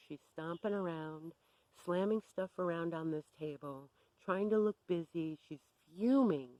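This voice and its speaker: Candid storytime narrator, blunt and wry, mid-pitched voice. Dry recording. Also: mellow, no echo, poor audio. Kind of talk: personal storytime.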